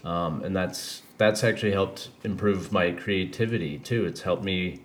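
Low-voiced man talking candidly. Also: measured pace, slight background noise. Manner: rambling and candid, swears freely. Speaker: podcast host. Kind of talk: casual chat.

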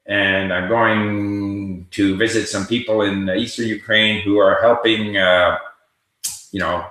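A man's voice: lowish voice, bright, forceful tone. A man hosting a casual livestream, reading viewer questions aloud and answering them in a conversational way. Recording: very echoey room.

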